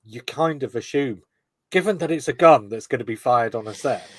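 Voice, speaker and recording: A man on a podcast panel who argues his point carefully and teases with dry humour. His pitch is animated and expressive. He sounds close to the mic in a dead, dry space. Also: normal speed, slightly rough, no room sound. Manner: reasoning, dryly teasing. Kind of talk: casual comedic chat.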